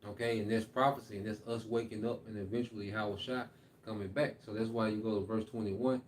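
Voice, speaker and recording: A man's voice: fairly low pitch, fairly even intonation, fast talker, slight background noise. A man giving informal scripture teaching, reading verses aloud and then explaining them in a loose, repetitive way, often tagging lines with "man" and "okay?". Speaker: Bible teacher.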